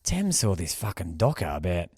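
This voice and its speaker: A man's voice: low voice, very animated, normal speed, a little mellow, slightly rough, no echo, studio quality. A man with an Australian accent, co-hosting a podcast in casual banter. He is laid-back and drops in joking asides. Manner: laid-back, joking interjections, says "bloody" often. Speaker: podcast co-host.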